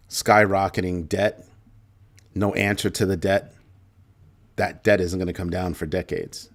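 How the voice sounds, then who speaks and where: A man with a low voice and little pitch movement hosts a livestream commentary, speaking slowly with long pauses. He talks emphatically, repeats key phrases for effect, and responds to viewer comments as he goes.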